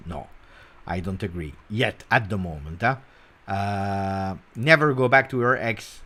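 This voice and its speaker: A man hosting a casual football talk show, animated and teasing, jumping between loud bursts and quiet mutters. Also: lowish voice, slow, husky. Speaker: football channel host. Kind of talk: casual live commentary.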